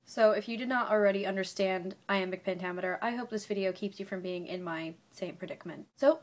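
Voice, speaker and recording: A woman's voice: medium pitch, fairly quick. Playful young woman vlogging. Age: young adult. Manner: playful, self-mocking, jokey asides. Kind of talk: casual educational vlog. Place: bedroom.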